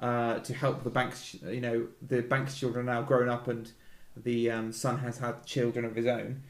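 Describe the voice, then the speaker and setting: A man in his thirties, the host of a chatty film podcast, with a wry, teasing way of talking. His voice sits at an ordinary middle pitch, and it rings in a roomy space with a lot of echo. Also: monotone. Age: 30s. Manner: wry, teasing, quick asides. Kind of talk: casual film chat.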